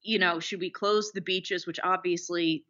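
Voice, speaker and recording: A woman co-hosting a casual film podcast, telling scenes in an animated way. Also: on the low side, normal speed, lo-fi sound. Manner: animated storytelling, laughing. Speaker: podcast co-host.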